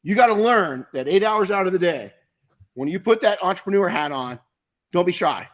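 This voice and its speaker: A man's voice: high voice, lively intonation, normal speed. Blunt, emphatic middle-aged male coach. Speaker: podcast host and detailing business coach. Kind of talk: casual Q&A advice talk.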